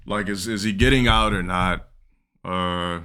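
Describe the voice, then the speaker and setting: Deep-voiced male streamer, blunt. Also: a little slow, sharp tone, smooth, soft background music. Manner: crude, blunt, reactive. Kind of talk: casual livestream chat.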